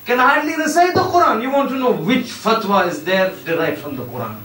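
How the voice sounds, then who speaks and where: A man's voice: very high-pitched, huge pitch swings, moderate pace, pushed and bright. A man giving a religious sermon, telling a story with acted-out dialogue and emphatic rhetorical questions. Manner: acts out dialogue, shifts voice for characters, emphatic and rhetorical. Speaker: Shia cleric giving a Muharram lecture. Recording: echoey hall, voice from a distance.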